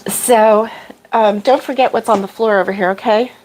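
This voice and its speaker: A woman's voice: mid-range voice, fairly even intonation, moderate pace, darkish tone, slight background noise. Chatty woman livestream host, rambling. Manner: rambling, chatty, laughs often, greets viewers by name. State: sneezing and coughing from allergies. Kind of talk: casual chat.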